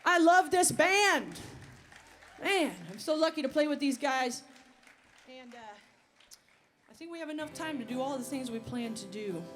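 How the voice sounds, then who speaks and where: A woman's voice: sits high, moderate pace, slight background noise. A woman singer and bandleader talking to the crowd between songs, chatty and rambling, on an outdoor festival stage.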